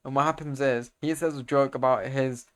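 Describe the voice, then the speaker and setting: A young man casually recapping a comic, rambling in slang, correcting himself, and getting loud and excited over the fight scenes. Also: medium pitch, moderate pace, clean tone. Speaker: video creator explaining comics.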